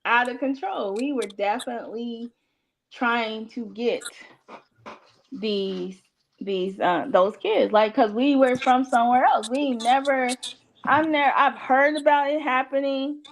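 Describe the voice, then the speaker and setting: A middle-aged woman from Chicago in casual conversation, telling personal stories in halting, self-correcting sentences. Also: a little high, slight background noise, low-quality recording. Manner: halting, restarting sentences as she recalls events. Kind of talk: casual storytelling chat.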